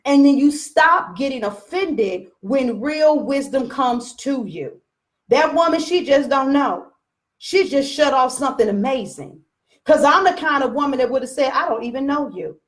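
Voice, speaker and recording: A woman's voice: high-pitched, fairly bright tone. A woman business coach giving a blunt, profane, preachy talk and addressing her viewers directly. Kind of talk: live motivational rant.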